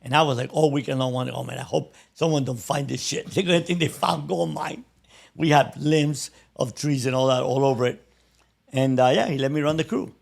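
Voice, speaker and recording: A man's voice: medium pitch, steady tone, a little fast, creaky. A man in his sixties with a Cuban-American accent, telling stories from his life in a casual interview and acting out the other people in them. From Cuba. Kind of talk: casual storytelling.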